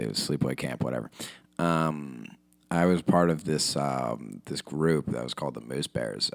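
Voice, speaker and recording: A man's voice: a bass voice, vocal fry, dry recording. A man hosting a podcast, delivering a profane, rambling comedic monologue full of fillers. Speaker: podcast host.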